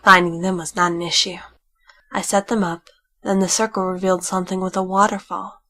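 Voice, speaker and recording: A woman's voice: lowish voice, flat delivery, a little fast, pushed and bright. A woman narrating a fan-made game story in the first person, dramatic, slipping into whispers for inner thoughts. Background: background music.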